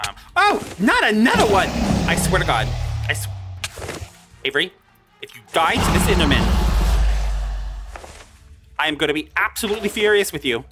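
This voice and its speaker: Lively gamer voice, excitable let's-play commentary, startled yelps, talks to the mobs, music playing behind. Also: medium pitch, moderate pace, long pauses. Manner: excitable, frequent startled exclamations. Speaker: gaming video creator. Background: background music.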